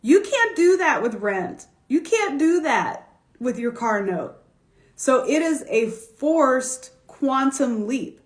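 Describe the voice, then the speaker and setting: A woman's voice: high-pitched, sing-song, slow pace, reverberant. A woman stylist talking casually on a live stream, telling candid stories with laughter and the odd swear word. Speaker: fashion stylist and business coach. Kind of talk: casual livestream talk. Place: home, recorded for a social media live stream.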